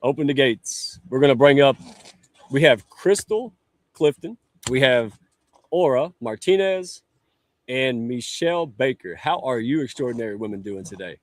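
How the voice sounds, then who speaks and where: A man's voice: mid-range voice, animated, moderate pace, no room sound. A man hosting a live online show, chatty and joking in a folksy way. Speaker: talk show host. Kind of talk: lively livestream hosting. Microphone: live stream setup.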